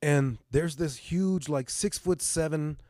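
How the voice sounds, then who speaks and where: A middle-aged man casually telling a story on a podcast, animated and swearing, often asking "you know what I mean". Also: fairly high pitch, takes it slowly, no room sound, studio quality. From Mexican heritage. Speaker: podcast host.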